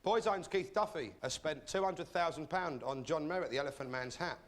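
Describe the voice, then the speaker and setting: A man hosting a comedy show, delivering a sardonic stand-up monologue with deadpan, mock-rude asides. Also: a little high, fairly quick.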